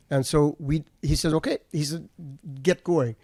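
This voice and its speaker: Mellow-voiced male trucker, matter-of-fact. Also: on the high side, steady tone, moderate pace, no echo. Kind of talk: casual storytelling. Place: studio table.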